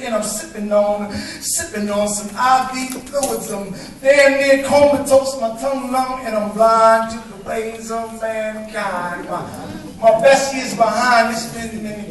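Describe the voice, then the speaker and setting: High-voiced man performing spoken word poetry. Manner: rhythmic, emphatic poetic delivery. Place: live open mic venue. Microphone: stage microphone. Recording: very echoey room from far off, faint noise.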